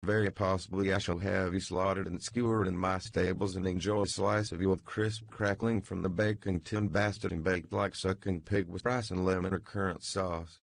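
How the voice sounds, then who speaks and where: A man reading an audiobook voices a domineering, savage brothel keeper who bullies and gloats in quick, clipped bursts. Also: low-pitched, flat delivery, vocal fry, no echo.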